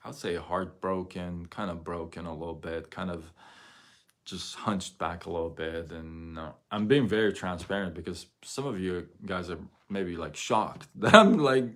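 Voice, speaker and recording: A middle-aged man with a deep, low voice talks straight to his viewers on a casual livestream. He speaks candidly and rambles, restarting his sentences and chuckling between thoughts. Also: steady tone, normal speed. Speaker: live-stream host.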